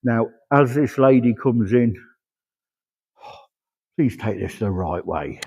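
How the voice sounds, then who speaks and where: A man working as a medium at a church service, chattily passing on spirit messages with a steady run of "he says". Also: medium pitch, takes it slowly, gravelly, breathy edge. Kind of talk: platform mediumship demonstration. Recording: echoey hall, dull lo-fi sound.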